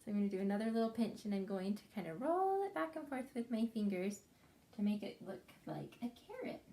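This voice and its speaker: A preschool teacher walks little kids through a craft, her pace slow and her manner gentle and encouraging. Her mid-range voice swings widely in pitch.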